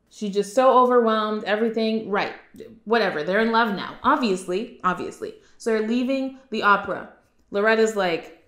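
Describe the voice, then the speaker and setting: A woman retelling a film's plot in a loose, chatty way, breaking into quick impressions of each character. Her voice sits at an ordinary middle pitch. The room around her rings with a noticeable echo. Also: fairly bright tone. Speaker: movie recap youtuber. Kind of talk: casual movie recap. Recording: roomy echo.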